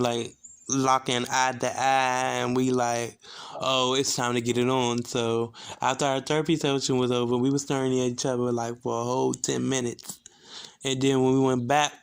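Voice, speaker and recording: A young man telling a casual storytime, animated and talking straight to his viewers. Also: mid-range voice, gravelly, clear, resonant tone. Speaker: vlogger.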